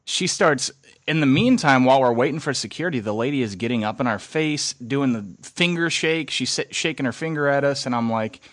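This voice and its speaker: A young man casually telling a story on a podcast, animated, swearing and acting out what people said. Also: medium pitch, brisk, no room sound, studio quality. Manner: animated, swears, acts out quotes.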